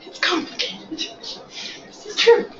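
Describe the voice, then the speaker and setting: A woman in her sixties with a hoarse voice from coughing, leading a small-group class discussion as facilitator and department chair. She talks in a chatty, self-deprecating way and keeps asking the group questions. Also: slow, far from the mic. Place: classroom or meeting room. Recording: echoey lo-fi room recording with background noise.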